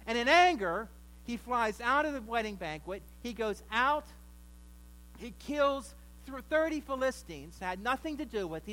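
High, bright-voiced preacher telling a story. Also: male voice, poor audio. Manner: storytelling, conversational with asides. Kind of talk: sermon.

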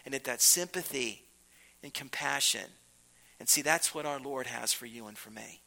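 A man preaching a sermon earnestly, repeating phrases and pausing for emphasis. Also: medium pitch, creaky, pushed and bright, rough recording. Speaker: pastor.

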